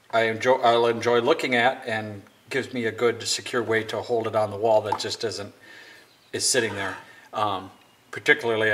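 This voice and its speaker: Recorded amid the sanding and clicks of a noisy home workshop, a young man describes his DIY woodworking project in a loose, rambling way. His voice is fairly low in pitch and a bit bright, and he keeps making jokes at his own expense.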